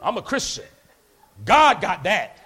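A man preaching a sermon, animated, acting out quoted voices and breaking into shouts. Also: sits high, a little slow, breathy edge.

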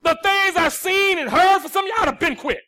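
High, bright preacher swinging from shouts to hush. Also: male voice, fairly quick, dry recording, clean studio sound. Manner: preaching with sudden swings from shouts to hushed lines. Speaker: pastor. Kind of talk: sermon.

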